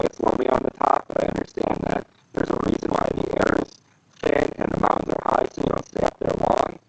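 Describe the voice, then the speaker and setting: A man hosting a casual podcast chat over a video call, his voice run through a robotic filter, talking in a joking, deadpan way. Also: extremely low pitch, fast talker, creaky, noisy background. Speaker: host.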